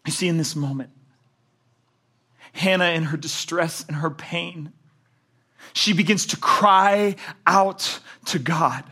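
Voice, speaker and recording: A man preaching a sermon, animated, swinging between loud emphatic passages and low quiet ones. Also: takes it slowly, pauses often. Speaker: pastor.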